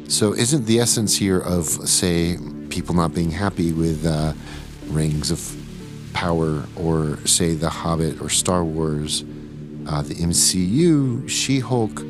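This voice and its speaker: A man's voice: deep voice, animated, a little slow, music in the background. A man co-hosting a podcast, chatting casually and leading into the next segment. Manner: leads into segments. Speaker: podcast co-host. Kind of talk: casual chat and reading a quote.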